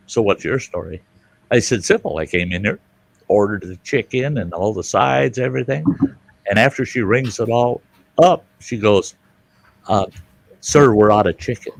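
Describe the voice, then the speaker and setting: An older man telling a story in casual chat, animated and loud, jumping into outraged voices for the people he quotes. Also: on the low side, creaky, dry recording. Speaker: show host telling a story.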